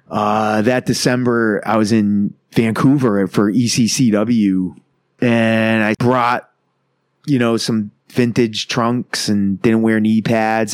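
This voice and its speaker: A man's voice: on the low side, no echo, studio quality. Profane rambling male wrestler storyteller. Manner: rambling, profane, acts out quotes. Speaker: pro wrestler guest. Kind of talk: casual interview storytelling.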